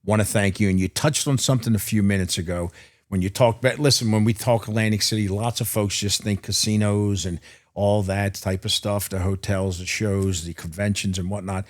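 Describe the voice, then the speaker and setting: A man's voice: fairly low pitch, fairly even intonation, a little fast. A man hosting a podcast interview, asking long, rambling questions in a chatty way. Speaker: podcast host. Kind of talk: casual interview talk.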